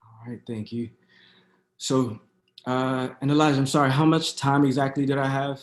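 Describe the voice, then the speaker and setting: A man's voice: mid-range voice, fairly even intonation, moderate pace, echoey room. A man reading his own poetry aloud over a video call, in a rhythmic spoken-word delivery. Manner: rhythmic spoken-word delivery with hesitant fillers between pieces. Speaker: poet.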